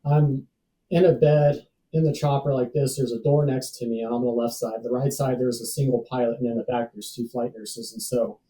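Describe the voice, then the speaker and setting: A man's voice: mid-range voice, steady tone, normal speed, dark tone, far from the mic, slight background noise, poor audio. A man telling a personal story as a podcast guest, laid-back, acting out other people's lines. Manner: laid-back, acts out dialogue, says "dude" and "man" often.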